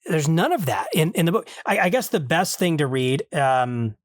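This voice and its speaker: A man's voice: on the high side, sing-song, moderate pace, dry recording, studio quality. A man hosting a podcast, chatting casually through a review in an earnest, thinking-aloud way with frequent restarts. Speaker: podcast host.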